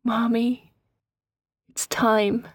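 A woman puts on a teenage girl slipping into undeath, her pleas coming out as a breathy, husky whisper. The delivery is slow and catches with grit, close and dry, with no room around it. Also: a little high, little pitch movement, no room sound, pitched above the performer's own voice, exaggerated voice. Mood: pleading. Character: dying teenage girl turning undead, pleading.

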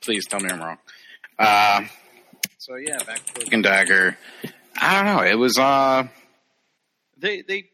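A man co-hosting a casual pop-culture chat, opinionated and quick to laugh. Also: fairly low pitch, bright, forceful tone. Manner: opinionated, laughs often, dismissive asides. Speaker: podcast co-host.

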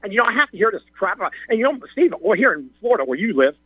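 An older man calling in to a radio show, ranting excitedly with repeated restarts and stammers. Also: high voice, rapid-fire, breathy edge, no echo, muffled recording. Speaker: caller. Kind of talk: ranting call-in talk.

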